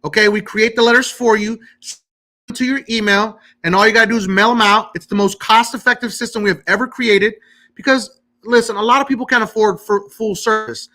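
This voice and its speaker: A man with a high, bright and forceful voice hosts a live-stream Q&A on money matters. He talks emphatically. He keeps checking in with his viewers by asking "okay?". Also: fairly even intonation, fairly quick. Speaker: credit repair host.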